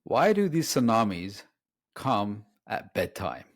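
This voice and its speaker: A man with a low voice whose pitch swings widely co-hosts a podcast. He vents in exasperation and jumps between rushed bursts and slower stretches. The talk is casual. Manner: animated, exasperated venting. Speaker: podcast co-host. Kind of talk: casual discussion.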